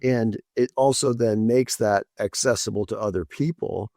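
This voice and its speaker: A man with a mellow, warm voice, musing thoughtfully as a show co-host. He speaks at a measured pace with small hesitations. The sound is dry and close. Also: fairly low pitch, dry recording. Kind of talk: casual chat.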